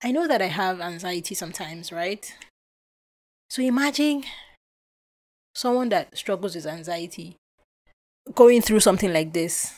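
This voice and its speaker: A woman's voice: fairly low pitch, unhurried, long pauses. Young nigerian woman podcasting, telling her story all worked up, acting out every line. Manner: animated, emotional retelling with acted-out quotes. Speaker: podcast host. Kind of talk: personal storytelling.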